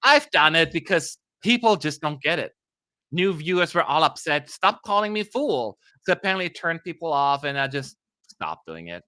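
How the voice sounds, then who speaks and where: A man's voice: on the high side, sing-song, moderate pace, pushed and bright, clear, resonant tone, no room sound. A man from Germany hosting a live stream, chatty and self-mocking, with a dry, sarcastic streak. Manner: chatty, self-mocking, reads viewer questions aloud. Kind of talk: casual live-stream commentary.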